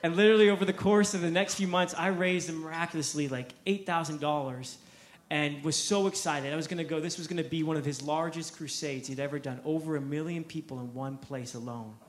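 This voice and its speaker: Energetic male preacher in an echoey church. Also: on the high side, fairly quick. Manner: energetic, repeats words, acts out quotes. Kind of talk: sermon storytelling.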